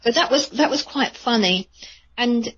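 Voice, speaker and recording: A woman, a psychic medium, telling chatty, rambling stories in a radio interview with a husky voice. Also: on the high side, measured pace, fairly bright tone, highs cut off. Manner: chatty, rambling with many fillers.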